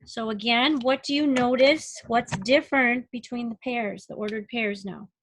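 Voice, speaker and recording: A woman's voice: on the high side, normal speed, a little hiss or hum. A woman teaching a recorded math lesson, patiently counting units aloud and asking questions as she works. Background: dog barking.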